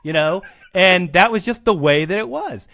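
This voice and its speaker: A man's voice: sits high, lively intonation, moderate pace, sharp tone. A man chatting as a podcast guest, rambling and self-deprecating, often restarting his sentences. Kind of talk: casual chat.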